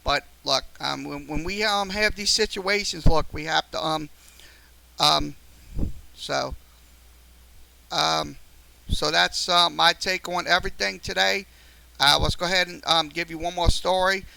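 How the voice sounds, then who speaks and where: A high-pitched man with a gravelly edge hosts a live-streamed sports talk show into a studio mic. He rambles through fillers and restarts, and his tone turns tense and sharp as a viewer frustrates him. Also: steady tone, measured pace, pauses often, dry recording, low-quality recording. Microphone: studio mic through a mixer.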